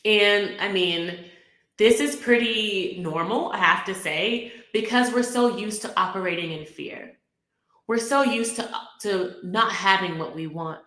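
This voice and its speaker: Bright-voiced woman coaching on relationships. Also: medium pitch, measured pace, reverberant. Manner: earnest, coaching, repeats key phrases. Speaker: relationship podcast host. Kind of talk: casual talk to camera.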